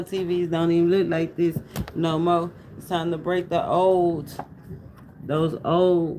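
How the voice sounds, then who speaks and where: A man reads tarot cards for his viewers in a slow, unhurried delivery, his voice sitting a little high for a man. He circles back over phrases with a loose, preacher-like cadence and breaks off to speak to his audience directly. A faint hum runs underneath the recording. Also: mellow, low-quality recording. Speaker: tarot reader. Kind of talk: casual spoken tarot reading.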